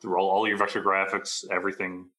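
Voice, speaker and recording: A man co-hosting a casual tech chat, chiming in with short quick remarks. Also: low-pitched, level tone, bright, forceful tone. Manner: short quick agreeing interjections. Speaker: podcast co-host.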